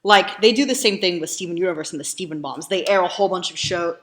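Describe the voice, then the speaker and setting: A woman's voice: fairly low pitch, fast. A woman hosting a reaction video in casual chat, rambling with lots of ums and likes.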